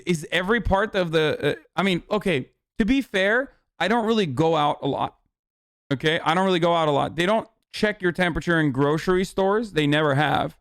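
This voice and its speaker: A man reacting to a video on a live stream, casual, profane and excitable. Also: on the high side, fairly quick, no room sound, clean studio sound.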